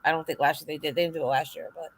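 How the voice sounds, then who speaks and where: A woman hosting a casual livestream chat, telling a story with lively, acted-out dialogue. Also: low-pitched, very fast, slightly rough. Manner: animated storyteller, acts out quoted dialogue. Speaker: livestream host.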